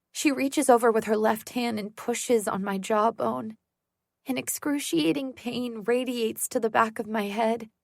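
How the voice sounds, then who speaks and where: A woman reads a first-person thriller audiobook slowly and tensely, in a fairly high voice. The recording is dry and close, with no room sound. Her reading stays measured throughout. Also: creaky, no echo. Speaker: audiobook narrator.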